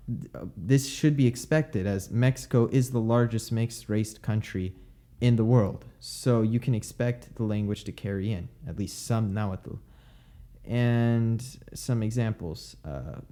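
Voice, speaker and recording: In a casual educational monologue, a young podcast host explains linguistics, talking through speech sounds in a relaxed, unscripted way. His low, mellow voice keeps breaking off into "um" and "like" as he says example words aloud to demonstrate pronunciations.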